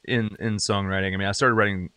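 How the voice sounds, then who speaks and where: Middle-aged man, light Southern accent, slightly low and bright voice, lively storytelling guest in a home studio. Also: fast talker, clear, resonant tone, no echo. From South Carolina. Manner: chatty and animated, frequent restarts. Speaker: guest, singer-songwriter and radio DJ. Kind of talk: casual interview chat.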